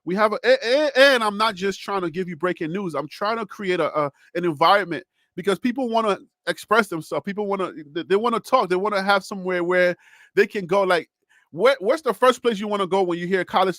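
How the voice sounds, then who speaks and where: A man's voice: sits high, fairly quick, fairly bright tone, dry recording, studio quality. A man with a Liberian accent hosting a live college sports stream, chatting animatedly with viewers and reacting to their comments. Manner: frequent laughs and self-talk. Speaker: sports channel host.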